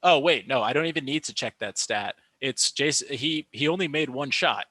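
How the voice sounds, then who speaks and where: A young man with a medium-pitched voice, recorded dry, does casual live-stream basketball commentary. He's animated and quick to rant about calls, full of fillers and restarts as he delivers excited play-by-play and reactions.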